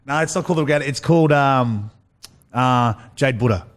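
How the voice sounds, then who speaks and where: Quick, rambling Australian man, middle-aged, chatty guest storyteller. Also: medium pitch. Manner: rambling, many fillers and restarts. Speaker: guest, former rugby league player. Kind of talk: casual storytelling chat.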